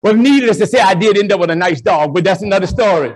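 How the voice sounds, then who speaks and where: Lively high-voiced New priest. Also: male voice, fast. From New Orleans. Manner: animated, joking, plays to the crowd. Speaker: Catholic priest and speaker. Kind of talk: comic storytelling talk to educators.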